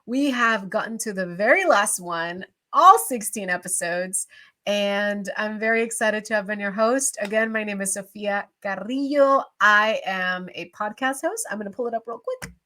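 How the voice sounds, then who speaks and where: A woman's voice: mid-range voice, moderate pace, bright, forceful tone. A young adult woman hosting a reaction show, chatting casually to camera in a bubbly, openly emotional way.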